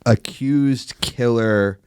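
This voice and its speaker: A man's voice: medium pitch, very slow, a little mellow, smooth, no room sound, studio quality. A man co-hosting a comedy podcast, giving brief and supportive replies. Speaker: podcast co-host or producer. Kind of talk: casual chat.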